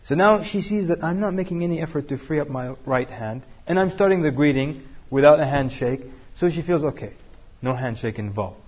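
A man's voice: a little high, lively intonation, fairly quick, hardly any pauses, slightly rough, highs cut off. A man teaching a class, joking and asking the room questions. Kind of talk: interactive class talk with students.

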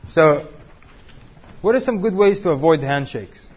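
A man's voice: fairly high pitch, expressive, unhurried, husky, highs cut off. A man teaching a class, joking and asking the room questions. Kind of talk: interactive class talk with students.

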